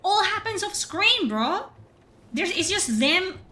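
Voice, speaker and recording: High, bright Spanish woman ranting. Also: big pitch swings, slow pace. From Spain. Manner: sarcastic, profane, exasperated. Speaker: streamer reviewing a video game. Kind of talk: ranting game commentary.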